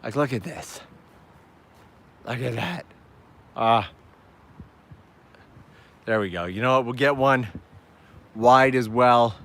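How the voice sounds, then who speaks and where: A man's voice: mid-range voice, slow, long pauses, fairly bright tone. A man hosting a casual walking live stream outdoors, upbeat and chatty as he talks to viewers while climbing hillside steps.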